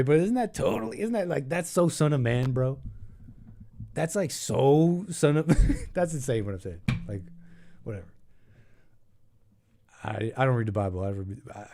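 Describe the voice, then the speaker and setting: A man's voice: medium pitch, a little mellow. A young man hosting a call-in show, rambling and thinking aloud in casual talk, with many restarts.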